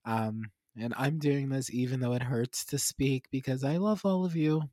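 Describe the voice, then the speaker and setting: A man hosting his podcast in a casual, rambling chat, hoarse, raspy and congested from being sick, with laughs between phrases. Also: mid-range voice, moderate pace, warm tone, no room sound. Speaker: podcast host.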